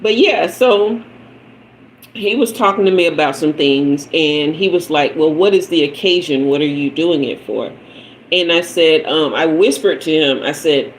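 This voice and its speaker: Chatty, lower-voiced woman hosting a tarot livestream. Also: moderate pace, a little hiss or hum, low-quality recording. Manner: chatty, warm endearments like child and honey, laughs often. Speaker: tarot reader and livestream host. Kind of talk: casual livestream storytelling.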